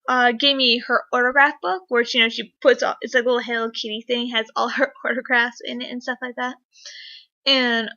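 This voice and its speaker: Young woman vlogger, bright and fairly high voice, rambling, excitable delivery, lo-fi sound. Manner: rambling, filler-heavy, excitable. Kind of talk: casual storytelling to camera. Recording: dull lo-fi webcam audio.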